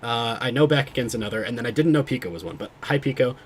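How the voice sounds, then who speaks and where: A man streaming a video game, chatting casually with his viewers and thinking out loud, often cutting himself off mid-sentence. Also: mid-range voice, animated, quick pace, husky. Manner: rambling, self-interrupting, thinking out loud. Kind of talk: casual livestream chat while gaming.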